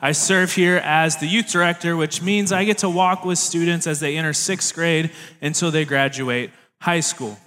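Joking youth pastor in a reverberant hall. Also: male voice, fairly high pitch, normal speed, hardly any pauses, sharp tone. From Tennessee, US South. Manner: friendly, joking, playful with the congregation. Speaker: youth director preaching. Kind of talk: sermon. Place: church sanctuary stage.

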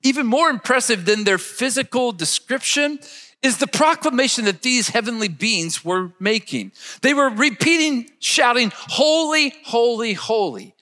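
A man's voice: very high voice, lively intonation, normal speed, sharp tone, long reverb tail. A man preaching a sermon emphatically, leading his listeners to repeat words after him. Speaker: pastor.

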